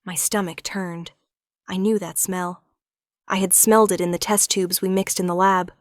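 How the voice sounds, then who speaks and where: A woman's voice: on the low side, fairly even intonation, moderate pace, no room sound, clean studio sound. A woman giving dramatic first-person audiobook narration of a tense thriller.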